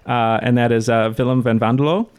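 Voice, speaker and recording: A man's voice: medium pitch, steady tone, a little fast, a little mellow, clear, resonant tone. A man hosting a casual trivia podcast, rambling with lots of fillers and laughing at himself. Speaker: podcast host.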